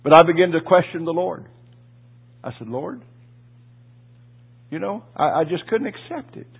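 A man preaching a sermon, telling a personal story in a folksy, emotional way with asides to the congregation, his voice husky. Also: a little high, animated, normal speed. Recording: tinny phone-like audio.

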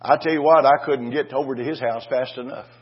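A man's voice: mid-range voice, fairly even intonation, fairly quick, breathy edge, lo-fi sound. An older man preaching a sermon to a congregation in a folksy way, telling stories and often asking "Amen?". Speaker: pastor.

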